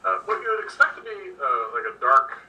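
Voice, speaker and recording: A man's voice: a little high, sing-song, a little fast, sharp tone, lo-fi sound. A man narrating as game master, describing scenes in an easygoing way with lots of fillers. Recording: distant mic with faint noise.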